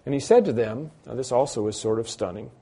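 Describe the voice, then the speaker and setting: Preaching an expository sermon in a conversational manner, this pastor leans on repeated key phrases and pokes fun at himself. His mid-range voice is mellow and slightly rough, brisk, with lively intonation.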